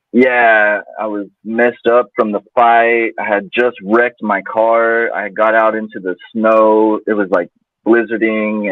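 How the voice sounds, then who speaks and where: A man's voice: lowish voice, dry recording. A man guest telling a personal story in a loose, casual way, full of fillers. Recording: tinny phone-like line, dry.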